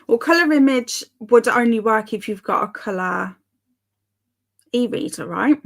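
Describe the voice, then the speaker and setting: Slow-talking, giggly woman streamer. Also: a little high, expressive, gravelly. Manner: chatty, giggly and bemused. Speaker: livestream host. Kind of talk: casual live-stream chat reading comments aloud.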